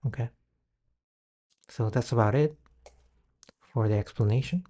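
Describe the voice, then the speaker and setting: A man leading a guided healing meditation, speaking gently with long pauses and reciting calm phrases for the listener to repeat. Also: medium pitch. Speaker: guided healing session leader.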